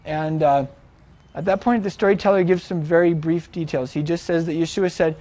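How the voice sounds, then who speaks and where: A man's voice: on the high side, steady tone, normal speed, warm tone. A man retelling a story in a chatty, informal way, with frequent restarts and fillers. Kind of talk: casual storytelling.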